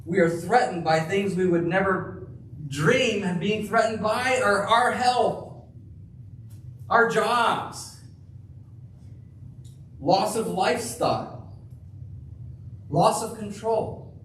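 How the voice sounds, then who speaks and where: A man preaches in a high voice at an unhurried pace, leaning on each phrase and dropping to a near-whisper for emphasis. He is heard from a distance in a reverberant church sanctuary, with a faint hum of room noise behind him. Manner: slow, emphatic preaching with dramatic drops to a hush. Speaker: pastor. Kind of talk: sermon.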